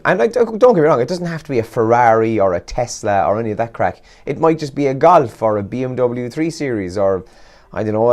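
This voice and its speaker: A man's voice: medium pitch, darkish tone. A young Irish man hosting a morning radio show, chatting casually and rambling a bit, sounding tired and yawning. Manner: chatty, rambling and self-deprecating.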